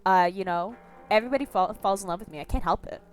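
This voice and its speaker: A woman's voice: medium pitch, quick pace, soft background music. Chatty giggly woman streamer. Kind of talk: casual let's-play commentary.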